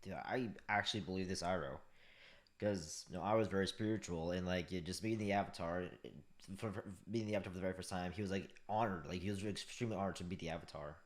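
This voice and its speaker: A man's voice: low-pitched, fast. A man hosting a reaction video, talking loosely and emotionally in casual commentary. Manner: loose and chatty, says dude a lot, emotional.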